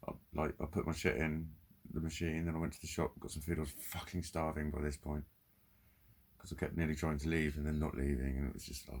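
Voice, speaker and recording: A man's voice: a bass voice, level tone, a little fast, a little mellow. A man delivering a candid, ranting vlog monologue full of swearing. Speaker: vlogger. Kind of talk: confessional monologue.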